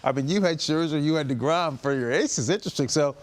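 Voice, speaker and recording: A male studio host with a fairly high voice keeps the conversation moving with quick questions and brisk follow-ups. He sounds like he is steering a sports panel. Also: background noise. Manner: prompting, affirming, quick questions.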